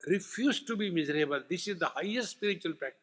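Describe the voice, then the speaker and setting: A swami preaches in a spiritual discourse, his voice sitting somewhat high for a man. He drives points home by repeating them and mixes in light humor. The sound rings out with a long hall reverb. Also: expressive, fast, fairly bright tone. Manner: emphatic, repetitive, anecdotal with humor.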